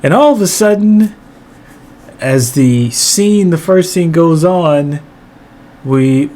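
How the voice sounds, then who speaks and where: Guy telling a funny story, kinda high voice, laughs a lot, cusses casually. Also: slow pace. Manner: animated, laughing, profane. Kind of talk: comedic storytelling monologue.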